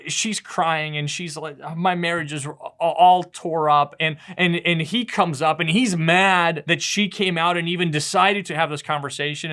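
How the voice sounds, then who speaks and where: Earnest higher-voiced male pastor. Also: sharp tone. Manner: earnest storytelling with frequent word repeats. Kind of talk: short devotional sermon.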